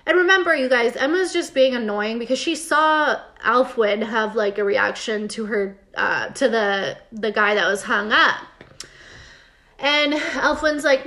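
A woman's voice: fairly high pitch, a little slow, a bit bright. A woman casually recapping a TV episode for her co-host, chatty and sarcastic, reading bits from her notes. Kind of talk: casual chat.

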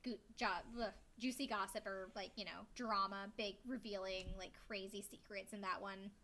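A woman's voice: medium pitch, moderate pace, a little hiss or hum. A woman co-hosting a podcast, chatting casually and animatedly as she recaps a reality show and swears freely. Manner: animated, swears freely, quotes people in put-on voices. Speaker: podcast co-host.

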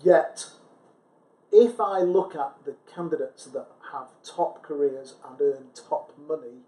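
A man with a somewhat high voice talks reflectively as a podcast co-host, working through his thoughts aloud and often restarting his sentences. The room around him carries a noticeable echo. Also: slow pace, dark tone. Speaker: podcast co-host, sales recruiter. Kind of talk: casual chat. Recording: echoey room.

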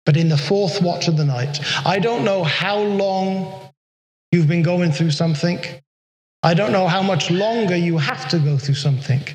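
A man preaching a sermon in an earnest way, slowing down to stress his points. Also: sits high, a little mellow. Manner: earnest, slows down for emphasis. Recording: echoey hall with long reverb.

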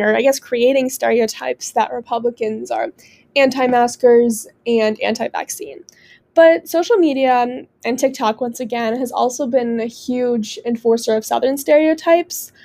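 A young woman from Oklahoma hosts the show, talking through clips and tweets with earnest, mildly indignant commentary. Her voice sits a little high but has a gravelly, fried edge. The tone is mellow and dark. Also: moderate pace. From Tulsa, Oklahoma, US. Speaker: podcast host.

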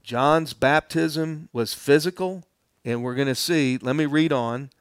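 Male pastor, Bible teacher type: smooth, clear voice, direct and earnest, dry close sound. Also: a little high, unhurried, no echo. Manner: earnest, addresses listeners directly; plainspoken and explanatory.

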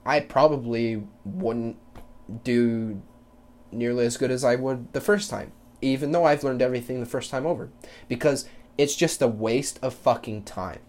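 Young male podcast host, solo rant, blunt and profane, voice of average pitch. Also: moderate pace. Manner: profane, blunt ranting with swings into loud mocking quotes.

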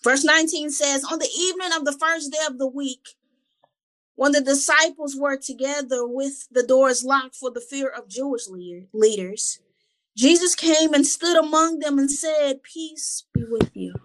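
With a high, fairly bright voice at normal speed, a woman reads Bible verses and talks through their meaning earnestly and conversationally. She co-hosts a Bible study and often repeats words while collecting her thoughts.

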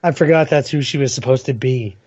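A man's voice: mid-range voice, fairly quick, darkish tone, no echo. A man on a podcast panel who chimes in with jokey, apologetic asides in casual chat. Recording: dry, dull lo-fi sound.

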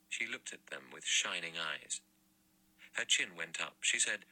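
Deep, husky male audiobook narrator. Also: low-quality recording. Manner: even, measured reading. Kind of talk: scripted narration.

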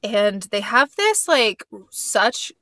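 A woman's voice: on the high side, sing-song, extremely slow, a bit bright, no echo, studio quality. A woman hosting a podcast, chatting casually and rambling, with many fillers. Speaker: podcast host.

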